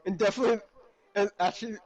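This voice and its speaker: A man's voice: high voice, fairly even intonation, rapid-fire, a little mellow, lo-fi sound. A man chatting casually on a stream, telling a story animatedly and laughing often. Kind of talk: casual chat.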